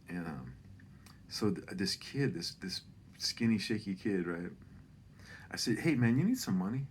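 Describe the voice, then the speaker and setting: A man's voice: low-pitched, expressive, a little slow, long pauses, a little hiss or hum. A middle-aged man telling a holiday story in a rambling, profane, self-deprecating way, often drifting off on tangents.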